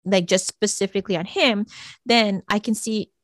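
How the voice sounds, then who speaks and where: A middle-aged woman talks with blunt, casual candor, swearing freely and acting out the things she and others said. Her voice sits at a middling pitch. The recording is dry, with no room sound around her. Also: fairly even intonation, moderate pace, no echo. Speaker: psychic medium guest. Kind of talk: casual interview chat.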